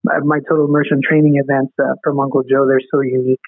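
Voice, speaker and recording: A man's voice: medium pitch, little pitch movement, husky, dry recording. A man, a podcast guest, telling a story in an earnest way and often checking in with "right?". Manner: earnest, fast, peppers sentences with "right?". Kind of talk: storytelling interview talk. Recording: tinny phone-like line.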